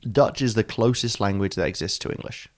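A man's voice: on the low side, brisk. A man co-hosting a casual podcast chat, rambling and laughing as he talks. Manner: rambling, laughing, puts on silly accents. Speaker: podcast co-host.

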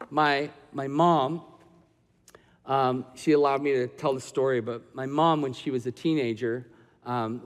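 A man's voice: medium pitch, big-room sound. A man preaching a sermon, telling a personal story that builds into impassioned preaching. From Michigan. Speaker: pastor.

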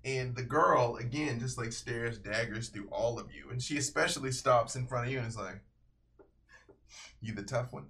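Bright-voiced game master narrating. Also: male voice, mid-range voice, normal speed, hardly any pauses.

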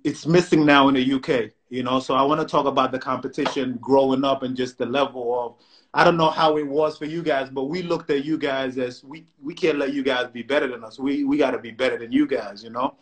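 A man's voice: medium pitch, steady tone, a little fast. A man in his thirties with a South London accent, co-hosting a casual live-stream chat in playful banter on a phone mic. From South London, England. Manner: playful banter, lots of "you know" and "man". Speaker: co-host. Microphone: phone on a live video stream.

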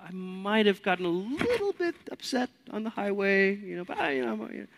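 A timid churchgoer stammers through a half-hearted confession, trailing off into mumbles and sitting a little higher than his normal voice, as a man puts him on. The words fade as he goes, never quite finishing. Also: sing-song, brisk, gravelly, a bit bright, full character voice. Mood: sheepish.

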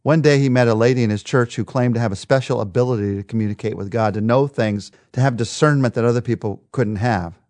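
A man's voice: mid-range voice, fast, hardly any pauses, darkish tone, no echo. A man preaching a devotional sermon, emphatic, with a repetitive rhetorical rhythm.

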